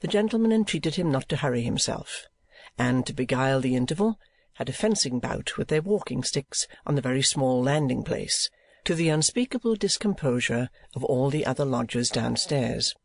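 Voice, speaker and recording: A man narrating an audiobook in a measured, expressive reading. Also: medium pitch, vocal fry, no echo.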